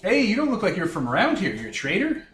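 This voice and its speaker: A man's voice: high-pitched, wildly swooping pitch, fast talker, fairly bright tone, far from the mic, pitched above the performer's own voice, full character voice. A man voicing a smug male nobleman in a tabletop game, using a folksy, condescending Canadian-style drawl, recorded in an echoey room with faint music.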